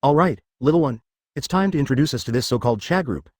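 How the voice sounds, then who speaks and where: A man's voice: medium pitch, expressive, fast, no echo, natural voice. A man reading the lines of a cheerful, talkative male ninja leader ghost who teases others, in a synthetic storybook voice. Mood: teasing. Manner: laughs loudly and teases.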